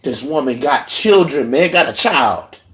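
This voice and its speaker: Angry guy venting on a stream, swearing a lot, drops to a mutter then yells, kinda choked up. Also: lively intonation, measured pace. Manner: heated, profane, swings between low muttering and shouting. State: emotional, in tears. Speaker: livestream host. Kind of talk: angry livestream rant.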